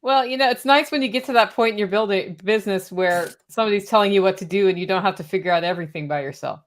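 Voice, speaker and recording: A woman hosting a relaxed livestream conversation, chatty and quick to laugh. She asks questions and chimes in with short remarks. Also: medium pitch. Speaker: host.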